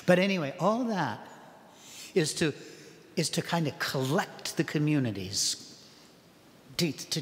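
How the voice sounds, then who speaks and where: A man giving a parish mission talk as an abbot, preaching in a lively way and acting out the prayers and the people in the pews. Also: a little high, big-room sound. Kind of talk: sermon. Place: church.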